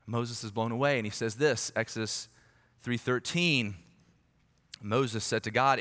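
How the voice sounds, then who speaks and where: Guy preaching a sermon, bright tone, lots of hall echo, chatty and animated. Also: medium pitch, normal speed. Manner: conversational, animated, acts out quoted voices. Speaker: pastor. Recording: long hall reverb.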